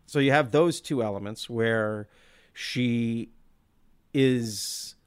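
Chatty man, mid-pitched podcast host. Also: clear, resonant tone. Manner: thoughtful, enthusiastic, drawn-out words and frequent restarts. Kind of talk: casual film discussion.

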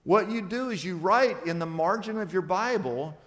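A man preaching a sermon as pastor, acting out little conversations and swinging between loud and soft. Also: high voice, moderate pace, long reverb tail. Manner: animated preaching, acts out little dialogues with shifts of loudness.

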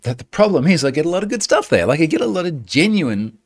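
A man hosting a show in casual chat, sardonic and animated and often breaking into laughter. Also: fairly high pitch, fast, no room sound, studio quality.

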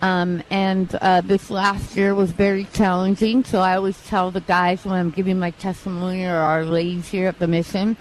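A woman with a slight lisp tells her personal story in an earnest, halting way, restarting her sentences as she goes. Her voice sits a little low for a woman, with faint ambient noise behind her from the live event. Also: flat delivery, low-quality recording. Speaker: interview guest, mission staff. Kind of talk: personal testimony. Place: outdoors at a live charity event.

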